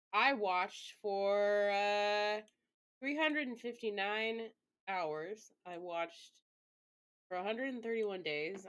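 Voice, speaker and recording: A woman streaming live, talking slowly in an unhurried, rambling way. She mutters to herself with plenty of fillers and casual swearing, at an ordinary pitch. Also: a bit bright. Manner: rambling self-talk with frequent swearing and fillers.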